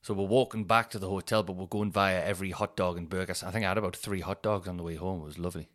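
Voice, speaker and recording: A man hosting a podcast, telling a casual anecdote in a rambling way, with quick restarts and acted-out quotes. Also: sits low, fairly even intonation. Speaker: podcast host.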